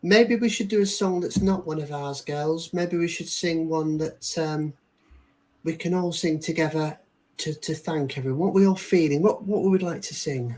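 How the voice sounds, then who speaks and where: Soft-spoken, hesitant woman guest. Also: low-pitched, moderate pace, poor audio. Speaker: guest performer. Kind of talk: casual video call chat.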